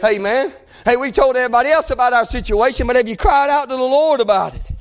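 Preacher guy with a really high voice, fired up, shouting then going quiet. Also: fast. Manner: fervent, breaks into shouts, swings between loud and hushed. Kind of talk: revival sermon.

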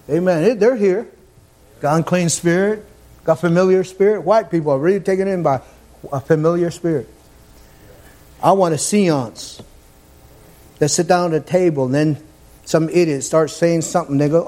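A man preaching a fervent sermon in a church, sometimes rising to shouts. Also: on the high side, normal speed, pauses often.

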